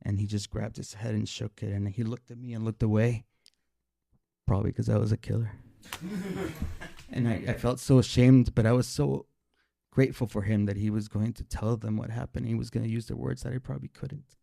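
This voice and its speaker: Stammering male storyteller, gravelly voice. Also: medium pitch, moderate pace, no room sound, clean studio sound. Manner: stammering repeats, animated and emotional. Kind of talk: personal story told live on stage.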